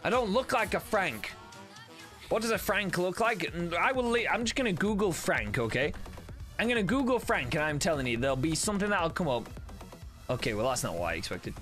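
A man streaming games, chatting casually and excitably, swearing often and breaking into laughter. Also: high voice, brisk, soft background music. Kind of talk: casual gaming stream chat.

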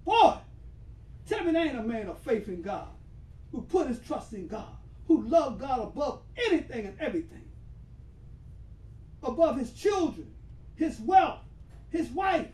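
An imam delivers a storytelling sermon in a high yet mellow, sing-song voice, unhurried and conversational but breaking into sudden emphatic bursts. He sounds far from the mic in a large, reverberant hall.

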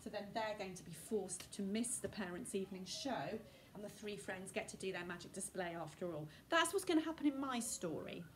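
Woman, primary teacher, thinking aloud, animated pitch, distant mic, classroom. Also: brisk, hardly any pauses. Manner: chatty, thinking aloud, modelling her writing. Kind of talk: recorded writing lesson. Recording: distant mic, faint room noise.

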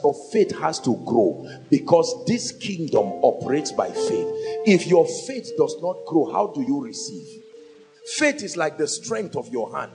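A man's voice: high voice, gravelly, darkish tone. A man with a Nigerian accent preaching a sermon from a pulpit, emphatic and full of rhetorical questions. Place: at a pulpit before a congregation.

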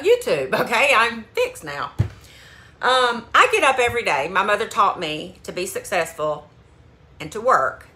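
Chatty bright-voiced woman vlogger. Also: lowish voice. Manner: chatty, upbeat, says "like" often. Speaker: beauty products seller. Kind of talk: casual vlog. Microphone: phone camera.

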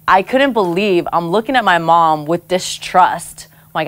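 A woman from American Samoa, a guest in an interview, telling personal stories in a frank, expressive way and laughing often. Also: on the low side, takes it slowly. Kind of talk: candid conversational storytelling.

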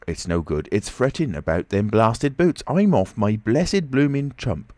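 A man's voice: lowish voice, big pitch swings, a little slow, darkish tone, no echo, voice pushed up. A man voicing a frightened, blustering tramp who talks in coarse rustic speech, in a storybook reading. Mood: agitated.

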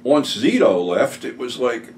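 Middle-aged man, crude rambling anecdotes, lively up-and-down delivery, a bit off-mic, faint hiss. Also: mid-range voice, measured pace. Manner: profane, rambling storytelling. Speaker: YouTube storyteller. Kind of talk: casual anecdote telling. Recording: slightly distant mic, faint room noise.

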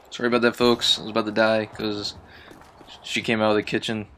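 A man's voice: lowish voice, little pitch movement, normal speed, long pauses, fairly bright tone, a little hiss or hum. A man giving casual gameplay commentary, venting his frustration in rambling, profane talk full of fillers. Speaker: gaming video uploader.

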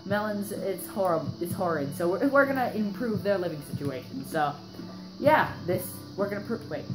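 A woman's voice: lowish voice, expressive, normal speed. Host type: young woman with a sore throat, chatty rambling game commentary, roomy echo and music behind. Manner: rambling and chatty, many fillers and restarts. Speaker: gaming channel host. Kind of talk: casual gameplay commentary.

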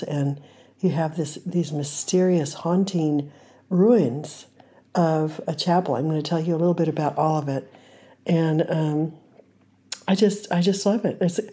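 A woman's voice: low-pitched, warm tone, slightly rough. A middle-aged or older woman hosting a podcast in a chatty, sentimental monologue full of fillers and restarts. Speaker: podcast host.

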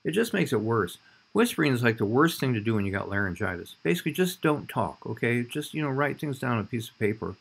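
A man's voice: mid-range voice, sing-song, quick pace, gravelly, fairly bright tone, slightly rough. A man giving a recorded anatomy lecture over slides, talking in a conversational way and often checking in with "all right?".

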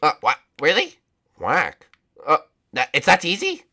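A man playing a goofy, lovesick old wizard king who rambles and stumbles through his words. His pitch leaps all over the place, and his talk is full of ums and nervous restarts. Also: huge pitch swings, unhurried, pushed and bright, exaggerated voice. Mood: bumbling. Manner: rambling, hesitant, lots of ums. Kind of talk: voicing a character over gameplay.

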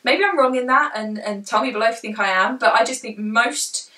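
A woman's voice: on the high side, fairly quick, pushed and bright. A young woman with a southern English accent, chatting casually to camera in a rambling way with many fillers. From southern England. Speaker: book vlogger and indie author. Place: indoor room at home, rain outside. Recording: echoey room, distant from mic.

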